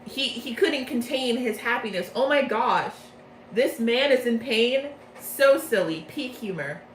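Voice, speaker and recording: A woman rambles through a comedic plot recap, mocking herself as she goes. Her fairly high voice bounces around an echoey room, with a faint hiss underneath. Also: lively intonation, measured pace. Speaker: video creator. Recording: roomy echo, faint noise.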